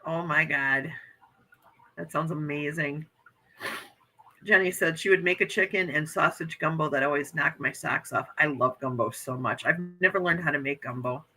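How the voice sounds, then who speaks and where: Very bright-voiced effusive woman in her fifties. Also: sits low, moderate pace, slightly rough, poor audio. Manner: effusive, gushing exclamations. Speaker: livestream host. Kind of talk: casual morning chat reading viewer comments.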